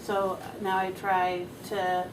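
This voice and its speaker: A woman's voice: mid-range voice, completely flat delivery, takes it slowly. A woman comedian chatting casually as a guest, laughing often and filling with "like". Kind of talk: casual chat. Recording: distant mic with clear background noise.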